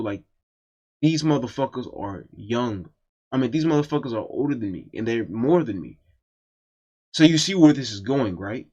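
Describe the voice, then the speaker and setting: A man's voice: mid-range voice, darkish tone, highs cut off. A man telling a personal story in a casual, profane and emphatic storytime monologue.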